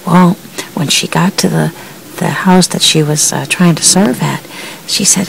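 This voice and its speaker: A woman's voice: on the low side, steady tone, unhurried, vocal fry, recorded from a distance, slight background noise, rough recording. A woman who works as a process server, chatting in a rambling vlog style with many fillers and restarts, laughing between sentences. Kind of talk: casual storytelling vlog.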